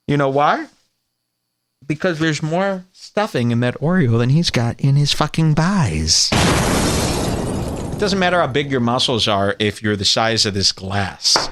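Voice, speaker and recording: A man's voice: a little high, a bit bright. A man hosting a comedy podcast, ranting in a sarcastic, profane, mock-outraged way. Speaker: podcast host.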